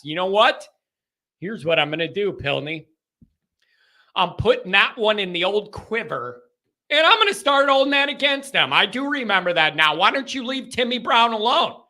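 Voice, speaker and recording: Male call-in host in his thirties, high bright voice, rambling jokey rants. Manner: rambling, animated, jokey rants with sudden shouts. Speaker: host of a call-in sports show. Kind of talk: casual chat reading fan comments.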